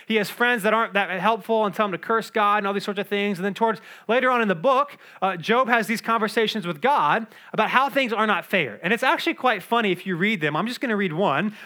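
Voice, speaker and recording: Bright, high-voiced young preacher. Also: male voice. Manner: conversational, with fillers and quick asides. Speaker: pastor. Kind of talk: sermon.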